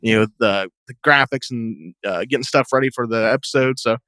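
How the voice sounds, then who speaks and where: A man co-hosting a casual review podcast, often pausing and repeating words while he thinks. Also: mid-range voice, pushed and bright, no room sound. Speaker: podcast co-host.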